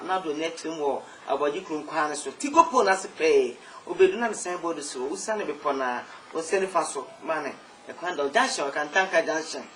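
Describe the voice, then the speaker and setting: A man hosting an interview and closing the show, announcing details briskly and clearly. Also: on the high side, fairly bright tone. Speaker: host, interviewer. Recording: distant mic with faint noise.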